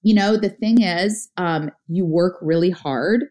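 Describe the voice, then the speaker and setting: A middle-aged woman telling a story in casual conversation, talking fast with lots of filler words and acting out what people said. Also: fairly low pitch, a little mellow. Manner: fast, chatty, lots of "like" fillers, acts out her own past lines. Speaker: guest, startup founder.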